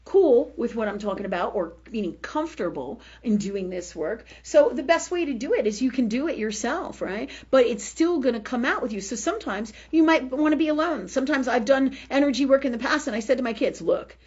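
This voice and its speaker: A woman's voice: on the high side, lively intonation, brisk, hardly any pauses, darkish tone, husky, highs cut off. A woman hosting a spiritual health show, speaking bluntly with plenty of profanity, laughing often, and slipping into repetitive healing prayers. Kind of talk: candid spiritual talk on a live show.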